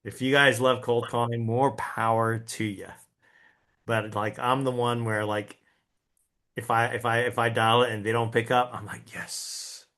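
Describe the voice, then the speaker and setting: A man speaking at an ordinary mid pitch as he teaches a sales class. He talks in a folksy, animated way, acting out his own thoughts and checking in with listeners as he goes. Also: moderate pace. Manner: animated, acts out his own inner voice and quotes; folksy, addresses the audience with tag questions. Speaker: real estate sales coach. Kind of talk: lively class talk.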